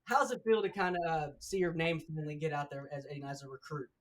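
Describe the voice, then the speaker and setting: A man's voice: a little high, lively intonation, fast. A man hosting a casual sports interview, talking enthusiastically with plenty of fillers. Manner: enthusiastic, loose, many fillers. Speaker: host.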